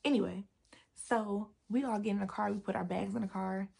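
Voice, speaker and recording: A young woman chats through a storytime vlog from a desk at home, with a gravelly, husky edge to her voice. She talks in an animated, slangy, emphatic way and laughs a lot as she goes. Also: mid-range voice, brisk. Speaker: vlogger. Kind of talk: casual storytime chat.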